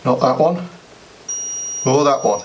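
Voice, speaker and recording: Older man, unhurried workshop demo talk, mic set back, audible background noise. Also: mid-range voice, lively intonation, far from the mic. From United Kingdom. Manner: chatty, thinks aloud while working. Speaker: amateur radio hobbyist. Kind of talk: hands-on workshop demonstration.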